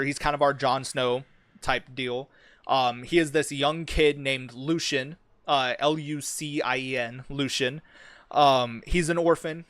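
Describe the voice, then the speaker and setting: A man's voice: medium pitch, fairly bright tone, smooth, dry recording. A young man streaming, chatting casually and with plenty of swearing about the fantasy story he is writing, full of ums and likes.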